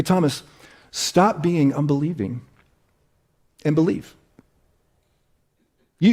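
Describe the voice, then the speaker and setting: Male pastor, kinda high voice, chatty sermon, repeats stuff, goes quiet on big lines. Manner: relaxed, repeats himself for emphasis, asks "right?". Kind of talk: casual conversational sermon.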